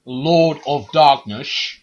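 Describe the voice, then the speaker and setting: A man's voice: fairly high pitch, drawn-out words. A man co-hosting a casual chat over a video call, playful and teasing. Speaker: podcast co-host. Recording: dull lo-fi call audio.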